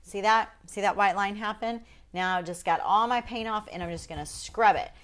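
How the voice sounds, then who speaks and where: A woman's voice: medium pitch, normal speed, fairly bright tone. A woman hosting a casual live painting demonstration, chatting folksily with viewers.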